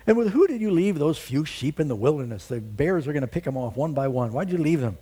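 An angry older brother berates his younger sibling, as a preacher voices him. His voice drops lower but stays husky and warm. He speaks in a scolding, accusing tone. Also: very animated, fast.

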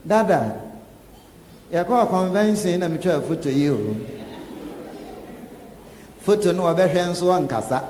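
A man preaches with a high, lively voice that leaps up and down in pitch. His sermon rings through an echoey hall with a long reverb tail. Faint ambience hangs behind him. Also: unhurried, long pauses, a little hiss or hum. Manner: animated, laughing, code-switching preaching.

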